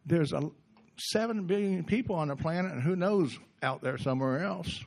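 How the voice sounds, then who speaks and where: A middle-aged man giving a gentle, reflective recovery workshop talk in a conversational way, often restarting his sentences. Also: on the high side, normal speed, creaky. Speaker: workshop speaker.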